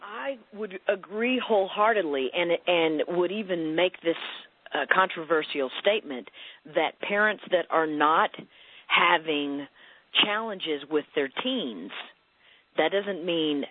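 A counselor who works with teens and parents appears as a radio interview guest, speaking earnestly at a slow pace in a mid-range voice. While explaining, she often repeats words and draws on client examples. The recording is dry and comes through a narrow, phone-like radio line.

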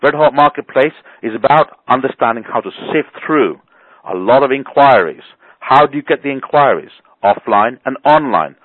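A man coaching listeners with a blunt, colorful motivational talk. His pitch swings lively up and down, his voice a touch husky. It comes through dry and tinny, as if down a telephone line. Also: normal speed, dry recording. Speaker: business coach. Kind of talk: motivational talk on a phone call.

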